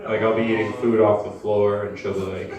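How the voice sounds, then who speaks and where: A young man performing amateur stand-up in a comedy club, deadpan and hesitant, full of uhs and likes. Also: on the low side, a little fast, a crowd in the background. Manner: hesitant, deadpan, filler-heavy. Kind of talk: stand-up routine. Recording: echoey live club, mic at distance, room noise.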